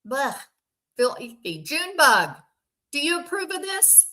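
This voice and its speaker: A woman's voice: high voice, big pitch swings, measured pace, sharp tone. A woman hosting casual true crime commentary, bluntly and indignantly answering viewers by name. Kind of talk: casual commentary reacting to chat.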